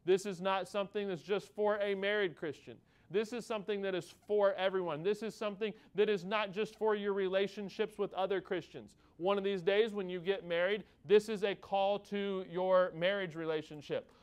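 A pastor in his thirties delivers a sermon in a relaxed, conversational way, pausing to check in with his listeners. His voice is clear and resonant and sits a little high for a man. He eases into light family stories to make his point. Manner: conversational preaching, checks in with the room with "okay?" and "all right?".

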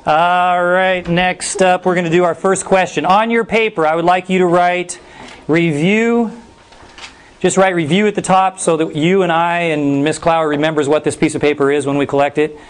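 Energetic male teacher with a high voice. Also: clear, resonant tone. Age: middle-aged. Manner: energetic, brisk, playful commands. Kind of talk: classroom instruction. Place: classroom.

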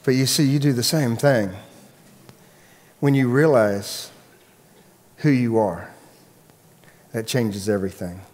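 A man, the pastor, preaching a sermon and telling a personal story in a relaxed, chatty way with frequent restarts. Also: medium pitch, takes it slowly, long pauses, big-room sound. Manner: casual storytelling, many restarts.

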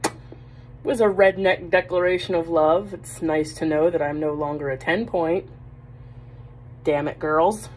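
A woman with a slightly low voice tells a comic story in a wry, deadpan way. She sounds exasperated but amused, as if talking straight to a camera. A faint hum sits under her voice. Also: measured pace, long pauses.

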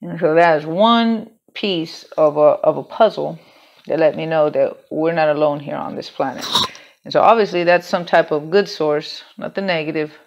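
A woman's voice: low-pitched, moderate pace, a little mellow. A woman telling a personal story in a candid, rambling way, swearing freely and restarting her sentences. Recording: dull lo-fi home recording.

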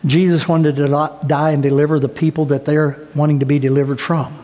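A male pastor preaching a sermon, telling folksy, animated stories with playful asides. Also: fairly high pitch, fairly quick. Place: church sanctuary. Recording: long church hall reverb.

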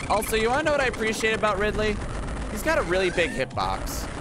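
Profane, excitable woman streamer. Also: mid-range voice, fast, noisy background. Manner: profane, excitable, mocking, talks to the game. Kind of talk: let's play commentary. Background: loud game music.

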